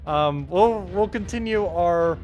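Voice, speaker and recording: A man's voice: high-pitched, slow pace, darkish tone. A man streaming a game live, chatting casually and playfully, often breaking into laughter. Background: game music.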